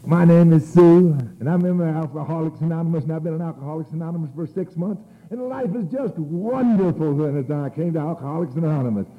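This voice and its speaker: A man putting on the voice of a cheerful woman sharing at a meeting, sing-song and bright in manner, on a tinny, phone-like old tape. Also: a little high, fast talker, in a large hall, voice pushed up, close to an everyday voice. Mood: gushing.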